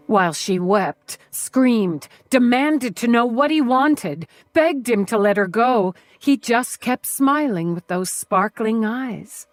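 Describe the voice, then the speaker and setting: A woman narrating a thriller audiobook in a slow, measured, even way. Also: fairly high pitch, no room sound, faint music behind.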